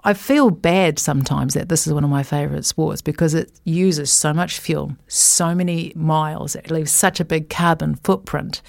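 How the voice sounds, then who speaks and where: A woman talking casually about motor racing, chatty and animated, jumping between asides. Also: low-pitched, normal speed, vocal fry, hardly any pauses, no echo, studio quality. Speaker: guest commentator.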